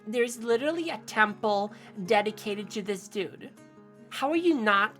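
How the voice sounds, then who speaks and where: A woman game streamer chatting casually with her audience. She teases viewers playfully, laughing often. Her voice sits at an everyday middle pitch, with soft music playing faintly in the background. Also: animated, a little slow. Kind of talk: casual live-stream chat.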